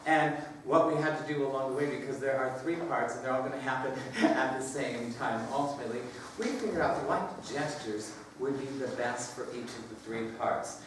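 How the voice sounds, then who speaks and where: A choral clinician teaches a music workshop in an echoey hall, picked up by a distant room mic with slight background noise. He speaks at medium pitch and moderate pace, upbeat and often laughing, singing phrases to demonstrate and leading the group in echo singing.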